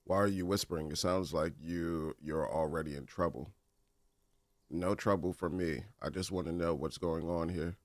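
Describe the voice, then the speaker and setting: A man's voice: low voice, fairly even intonation, normal speed, no echo. A man casually commenting on a game, reading its text aloud with joking asides. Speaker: game streamer.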